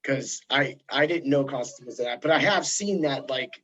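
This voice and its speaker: A man hosting a podcast, chatting casually in a rambling, animated way. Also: medium pitch, normal speed. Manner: rambling, animated storytelling with put-on voices. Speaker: podcast host. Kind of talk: casual chat. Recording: dull lo-fi sound.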